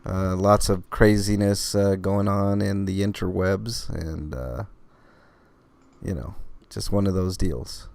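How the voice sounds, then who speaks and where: A man's voice: deep voice, steady tone, slow, creaky, a little mellow. A man hosting a casual live-streamed podcast, rambling with lots of fillers and hiccuping as he talks. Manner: rambling, filler-heavy, laid-back. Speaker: podcast host.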